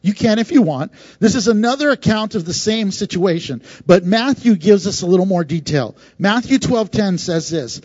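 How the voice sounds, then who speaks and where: A man preaching a sermon in a conversational, animated way, laughing often and acting out voices. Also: high-pitched, normal speed, hardly any pauses, no room sound, dull audio. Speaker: pastor.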